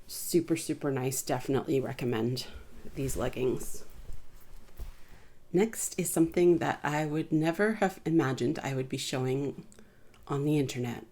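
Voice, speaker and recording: Woman, low voice, chatty home vlogger reviewing her purchases, informal and rambling. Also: normal speed, dark tone. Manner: chatty, rambling, frequent fillers and restarts. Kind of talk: casual haul review.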